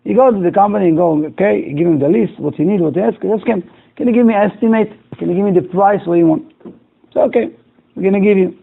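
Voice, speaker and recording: Animated rabbi, tinny recording. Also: male voice, high-pitched, fast, creaky. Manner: animated storyteller acting out dialogue, broken English. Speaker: rabbi teaching a class. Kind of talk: telling a moral story in a class.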